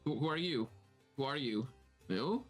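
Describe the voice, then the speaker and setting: A man's voice: medium pitch, expressive, moderate pace, lightly acted. A man voicing a polite, nervous cow-folk creature who moos between his words, with tavern music playing behind. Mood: wary, polite. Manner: mooing between phrases, questioning.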